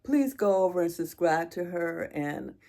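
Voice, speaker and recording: A middle-aged woman talks straight to her viewers in a low, gravelly voice. Her speech is heartfelt and halting, with pauses and restarts as emotion catches her. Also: animated, dark tone. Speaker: vlogger. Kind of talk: heartfelt personal chat to viewers.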